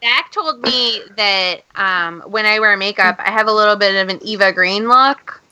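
A woman's voice: mid-range voice, normal speed, bright, forceful tone, smooth, no room sound, low-quality recording. A woman co-hosting a casual podcast chat with a dry, understated delivery. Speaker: podcast co-host.

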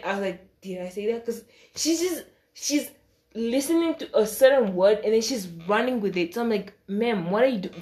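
A young woman casually telling a storytime vlog, acting out the people in it with exasperated quotes and trailing off into soft asides. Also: brisk, echoey room. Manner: animated, exasperated retelling with quoted dialogue; frequent fillers, trails off into soft low asides. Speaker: storytime vlogger.

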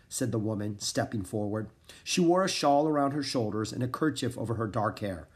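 A man reads a children's adventure story aloud in a mid-pitched voice. He tells the story plainly and puts life into the characters' lines. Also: brisk, breathy edge. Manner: expressive, acts out the characters' lines. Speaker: narrator.

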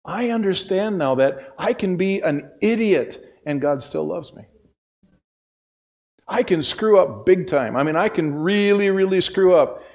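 Storytelling male pastor, loud to hushed. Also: high-pitched, animated, unhurried. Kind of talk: sermon. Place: church.

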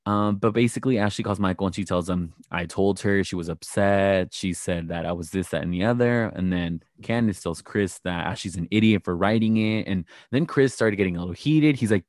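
Lively man recapping a show, dry mic. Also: fairly quick, no echo. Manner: animated, acts out quoted lines in a high mocking voice. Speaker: podcast co-host recapping a reality show. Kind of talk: casual chat.

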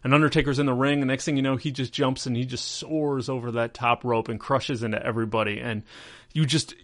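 Brief: male podcast host, mid-pitched, chatty and loose, close and dry. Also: steady tone, brisk, fairly bright tone, no room sound. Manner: rambling, filler-heavy storytelling. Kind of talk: casual chat.

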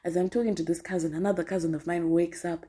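A woman in her twenties telling a story as a podcast host, animated and slangy, laughing often. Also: lowish voice, fast talker, slightly rough. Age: 20s. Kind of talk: casual storytelling monologue.

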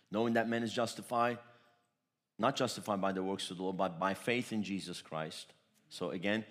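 Low-voiced man preaching emphatically. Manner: emphatic, swings between loud declarations and soft asides; storytelling with repeated phrases. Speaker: pastor. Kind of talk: sermon.

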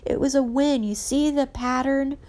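A woman narrating history from her notes in a casual, earnest way, emphatic and halting with many restarts. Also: high-pitched, steady tone, a little mellow.

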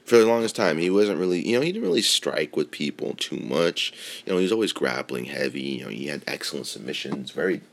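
A man's voice: very deep voice, sing-song, a little fast, creaky. A man talking casually as a podcast host, rambling with lots of fillers and swearing freely. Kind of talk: casual opinion talk on mixed martial arts.

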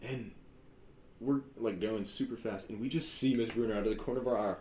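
A young man telling a childhood story in casual chat, slangy and animated, saying dude a lot. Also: on the low side, fairly quick. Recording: roomy, dull sound with faint ambience.

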